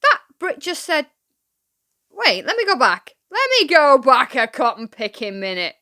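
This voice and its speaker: Lively, bright British woman reacting. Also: high voice, a little slow. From Britain. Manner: chatty, laughing, exclaiming. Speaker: reaction video host. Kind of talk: casual reaction commentary.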